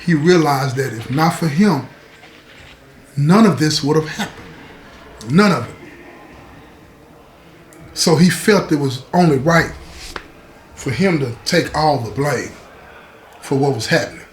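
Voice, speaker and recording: A man telling a story in a casual, conversational style. He talks directly to his audience at a slow pace. His voice is slightly high and echoes in a roomy space. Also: lively intonation, a little hiss or hum. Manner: conversational, addresses listeners directly. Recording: roomy echo.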